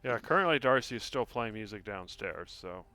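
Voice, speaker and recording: A man's voice: fairly low pitch, expressive, moderate pace, bright, forceful tone, dry recording, soft background music. A man acting as game master, describing the scene in a rambling, hesitant way with many fillers and restarts.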